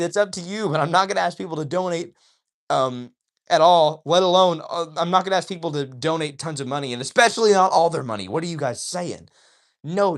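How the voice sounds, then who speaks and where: A man hosting a casual livestream, reading out viewers' chat messages and greeting people by name in a chatty, upbeat way, recorded on a phone. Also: high-pitched.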